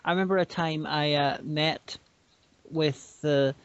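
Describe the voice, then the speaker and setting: A woman co-hosting a podcast, speaking in a halting, stammering way in casual chat. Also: sits low, steady tone, clear, resonant tone. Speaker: podcast co-host. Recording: dry, dull lo-fi audio.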